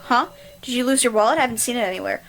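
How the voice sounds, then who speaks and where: A woman's voice: fairly high pitch, racing, a bit bright, natural voice, low-quality recording. A woman voicing an anxious, desperate young woman, reading her inner thoughts in a tense, pleading way. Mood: urgent.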